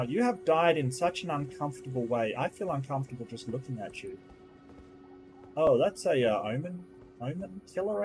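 A man's voice: a little high, darkish tone, poor audio. A man giving casual, rambling let's-play commentary while gaming, easily distracted. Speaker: gaming streamer.

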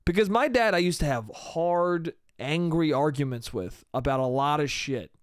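Young guy rambling on his solo podcast, kinda high voice, cusses a lot, super dry sound. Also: expressive, moderate pace, dry recording. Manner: rambling, casual, swears a lot, trails off with "I don't know". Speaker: podcast host. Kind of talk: solo comedic podcast monologue.

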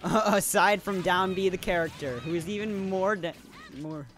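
Laughing often and getting playfully salty, a young man talks casually with viewers while streaming a game. He speaks at normal speed in a high, fairly bright voice over faint background music.

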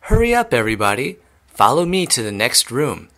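A man voicing an eccentric, excitable male chocolate maker who talks in hurried, gleeful exclamations. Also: medium pitch, exaggerated voice. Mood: excited.

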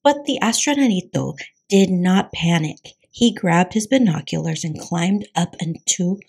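A woman reading a picture book aloud for a preschool storytime, with an expressive, dramatic storyteller's delivery. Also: on the low side, unhurried, vocal fry, husky. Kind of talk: children's read-aloud.

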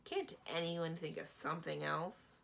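A woman's voice: sits low, unhurried, gravelly, a bit bright, slight background noise, exaggerated voice. A woman doing a sarcastic, bored male dragon. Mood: contemptuous. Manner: dry, sarcastic, muttering.

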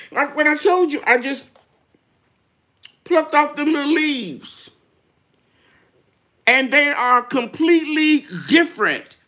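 A woman's voice: high voice, a bit bright. A middle-aged woman, hosting a gardening live chat in a chatty way, reading out viewer comments and laughing often. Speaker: gardening channel host.

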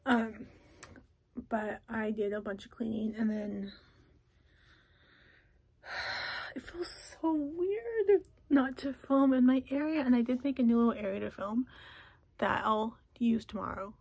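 A young woman talks casually to her camera from a closet at home, keeping her voice low and often dropping to a whisper. Her tone is husky, with a gravelly creak at the ends of phrases, and she sits a little high for a woman. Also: a little slow, pauses often. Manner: soft, often drops to a whisper. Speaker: vlogger.

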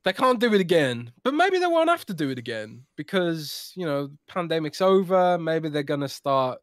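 A man co-hosting a podcast, talking in a relaxed, musing way and laughing easily. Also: fairly high pitch, normal speed, dry recording, studio quality. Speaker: podcast co-host. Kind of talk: casual podcast chat.

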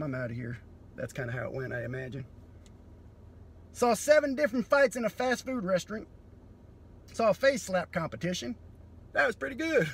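A man doing a profane, sardonic comedy monologue that breaks into sudden loud bursts. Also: high voice, creaky, breathy edge.

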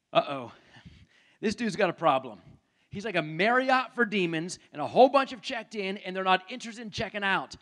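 A man's voice: high voice, a bit bright. A man preaching a sermon in a church, telling a story conversationally and speaking directly to the congregation. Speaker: pastor. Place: church sanctuary.

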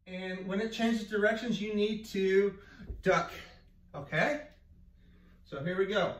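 High-voiced playful PE coach. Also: male voice, unhurried. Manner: playful, shouts commands. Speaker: PE teacher. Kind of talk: leading a gym class game. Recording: echoey room, mic far off.

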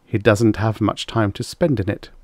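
A man's voice: fairly low pitch, fairly even intonation, normal speed, no echo, studio quality, lightly acted. A man voicing an indignant, defensive middle-aged housewife who snaps back sharply. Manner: indignant, snappish.

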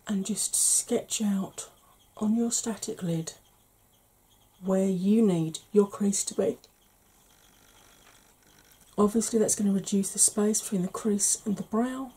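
A woman hosting a soft-spoken makeup tutorial, chatty and explaining each step, tired and yawning. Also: mid-range voice, husky.

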